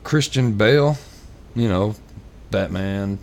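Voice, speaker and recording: A man's voice: fairly low pitch, takes it slowly, a little hiss or hum. A man co-hosting a podcast in casual chat, rambling with many fillers and restarts. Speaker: podcast co-host.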